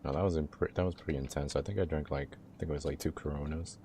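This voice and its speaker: A man's voice: rumbling low, fairly even intonation, fast talker, mellow, slight background noise. A young man casually chatting with his livestream viewers in a laid-back, slangy way. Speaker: live streamer.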